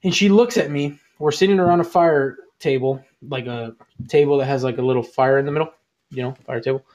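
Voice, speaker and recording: A man's voice: medium pitch, a little fast, darkish tone. A man co-hosting a casual podcast, retelling a story with lots of laughter and filler words. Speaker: podcast co-host.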